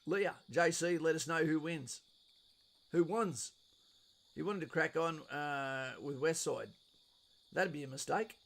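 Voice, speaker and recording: A man's voice: on the high side, measured pace, vocal fry, long pauses, fairly bright tone. A middle-aged man with an Australian accent hosts a casual live stream, reading out viewers' chat messages and answering them in a blunt, chatty way with casual swearing.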